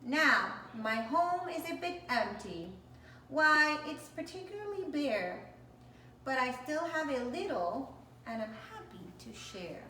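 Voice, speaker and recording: A woman voicing a kind, lonely old woman in a storybook, speaking softly and warmly to a stray cat, in an echoey room away from the mic. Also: high voice, big pitch swings, takes it slowly, distant mic, slight background noise, exaggerated voice. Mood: soothing. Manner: soft, soothing storybook reading.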